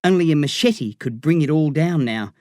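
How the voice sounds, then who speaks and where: Guy reading a novel, first person, steady storyteller, a bit higher voice, really dry close recording. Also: moderate pace, no room sound. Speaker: narrator. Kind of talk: audiobook narration.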